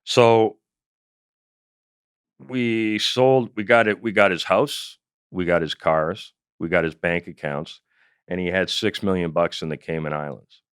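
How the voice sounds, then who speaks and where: A man's voice: sits low, a little slow, clean tone, dry recording, clean studio sound. A middle-aged man from Canada, a comedian telling a profane story in an interview and acting out quotes. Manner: animated, profane anecdotal storytelling with acted-out quotes. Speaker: comedian and former investigator, guest.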